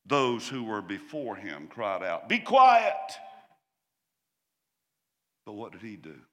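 A man preaching a sermon as pastor, impassioned and building to loud cries. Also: on the low side, lively intonation, moderate pace. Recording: long hall reverb.

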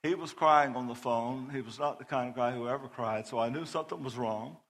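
Animated middle-aged pastor in echoey hall. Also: male voice, medium pitch, fairly quick. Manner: animated, laughing, loud storytelling. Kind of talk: sermon with personal storytelling.

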